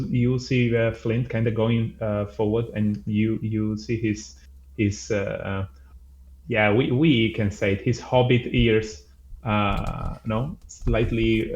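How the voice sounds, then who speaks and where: A man playing a tabletop game, halting and searching for words as he describes things. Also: on the low side, highs cut off. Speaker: player.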